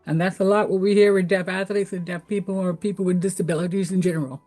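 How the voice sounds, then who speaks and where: A woman's voice: on the low side, steady tone, fast, mellow. A middle-aged woman with a Southern accent, speaking as a guest in an interview. She tells her story in an earnest, candid way, peppered with fillers. A faint bed of music sits behind her voice. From Tennessee. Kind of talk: interview answers.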